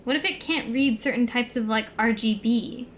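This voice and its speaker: A young American woman talks through a casual stream in a high voice. She rambles, laughs easily and piles up fillers. A faint hiss sits under the voice. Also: normal speed. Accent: neutral American. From United States.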